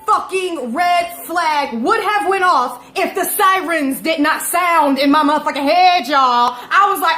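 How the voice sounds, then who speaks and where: A woman in her twenties, a vlogger telling a storytime, animated and profane, who keeps calling her viewers y'all. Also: extremely high pitch, a little slow, hardly any pauses. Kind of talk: casual storytime. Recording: echoey room.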